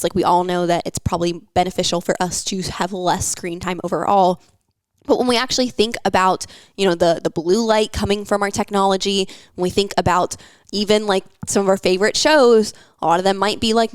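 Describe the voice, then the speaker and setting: A woman's voice: medium pitch, a little fast, smooth, no echo. A young woman hosting a wellness podcast, talking casually with lots of fillers and an encouraging tone. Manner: chatty, filler-heavy, encouraging.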